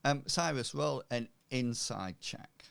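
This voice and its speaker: A man running a tabletop role-playing game as game master, narrating deliberately. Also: medium pitch, animated, gravelly, a bit bright, smooth, no room sound.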